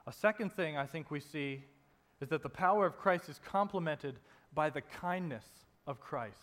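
A man preaching a sermon in a conversational way, dropping soft and low to stress a point. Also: lively intonation, normal speed. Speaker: pastor. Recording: long reverb in a hall.

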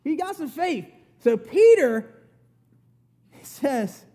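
A man's voice: very high voice, sing-song, takes it slowly, long pauses, warm tone. A man preaching a conversational sermon, retelling scripture in plain, folksy, emphatic words.

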